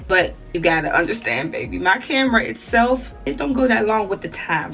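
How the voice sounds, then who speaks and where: A woman's voice: medium pitch, fairly bright tone, far from the mic. A woman hosting a reaction video, chatting casually straight to her viewers with lots of asides.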